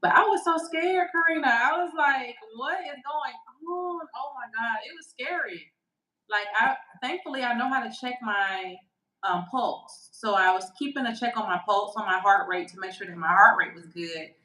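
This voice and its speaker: A woman co-hosting a podcast over a video call, telling a story in a casual, animated way and acting out the dialogue. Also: a little high, moderate pace, roomy sound, low-quality recording. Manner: animated, excitable, acts out quoted dialogue. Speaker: podcast co-host. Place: her home during a storm.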